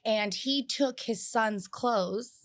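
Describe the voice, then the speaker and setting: A woman co-hosting a podcast, telling stories in relaxed casual chat and dropping quieter in the middle of them. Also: slow. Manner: relaxed storyteller who drops soft and low into anecdotes. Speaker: podcast co-host.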